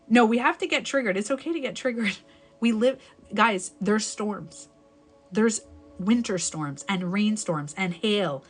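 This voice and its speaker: A woman's voice: medium pitch, a little slow, faint music behind. A young adult woman, a life coach, giving advice in a live stream. She talks candidly and emphatically, swears casually and corrects herself mid-sentence as she rambles.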